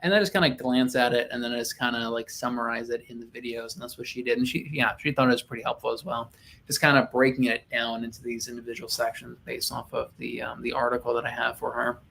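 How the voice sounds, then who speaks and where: A man co-host with a medium-pitched voice and a relaxed, conversational manner. He gets animated in his asides. His talk is easygoing and unscripted. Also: fast talker, gravelly. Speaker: co-host, real estate agent and YouTuber. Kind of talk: casual chat.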